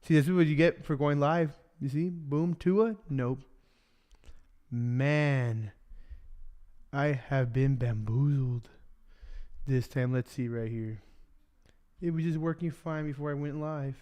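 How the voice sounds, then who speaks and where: A man's voice: mid-range voice, takes it slowly, pauses often, warm tone, smooth. A young man preaching casually on a livestream, switching between English and Spanish and joking along the way. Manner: chatty, joking, loose with fillers.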